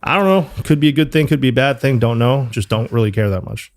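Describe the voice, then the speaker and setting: A man's voice: medium pitch, quick pace. Easygoing man rambling in an interview. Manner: loose and rambling, full of fillers and mild swearing. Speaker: company founder, guest. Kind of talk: casual interview talk.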